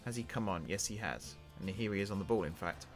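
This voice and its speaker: A man's voice: lowish voice, fast talker. A man hosting a gaming channel, casually commentating a football management game and urging his players on, with faint music behind him. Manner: excitable, talks to the game's players.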